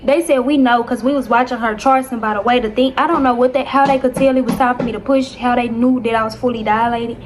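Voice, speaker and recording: Animated young woman telling a storytime. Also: a little high, quick pace, hardly any pauses, background noise. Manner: animated, dramatic retelling with constant "y'all". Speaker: vlogger. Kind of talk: casual storytime to viewers.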